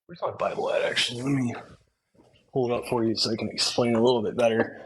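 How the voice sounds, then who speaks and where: A man's voice: mid-range voice, steady tone, fast talker, breathy edge, poor audio. A man calling into an online debate, talking in an insistent way and cutting in often. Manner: insistent, interrupting. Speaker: debate caller.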